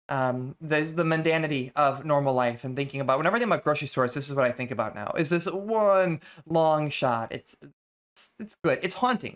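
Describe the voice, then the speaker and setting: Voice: medium pitch, a bit bright. An adult vtuber hosting a book reading series, talking through ideas in a thoughtful, conversational way with frequent restarts. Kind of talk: casual reflective lecture stream.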